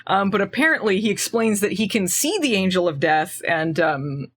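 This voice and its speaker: A woman's voice: mid-range voice, expressive, moderate pace, breathy edge. A woman hosting a podcast, casually recapping a TV episode with jokes, acting out lines and laughing often. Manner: laughs often, jokey paraphrasing, acts out quotes. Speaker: podcast host.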